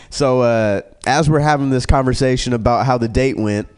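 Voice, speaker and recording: A man's voice: medium pitch, steady tone, moderate pace, a little mellow, smooth. A man telling a crude story on a comedy podcast, rambling with many ums and slipping into mimicked voices. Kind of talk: casual storytelling.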